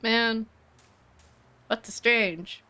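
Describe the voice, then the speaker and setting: A woman's voice: fairly high pitch, steady tone, extremely slow, pushed and bright, clear, resonant tone. A woman streaming a story game, chatting casually and reading the dialogue aloud. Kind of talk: casual gameplay commentary.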